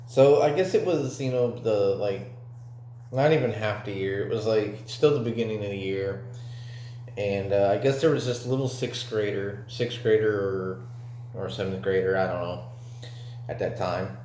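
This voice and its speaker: A man's voice: fairly low pitch, warm tone, a little hiss or hum. A young man telling a story from his own life in a casual, rambling way, with lots of fillers and swearing. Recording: echoey room.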